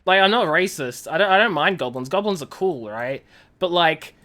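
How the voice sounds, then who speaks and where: Lively, bright-voiced game streamer chatting. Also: mid-range voice, moderate pace. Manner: chatty, joking, laughs often. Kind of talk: casual gameplay chat.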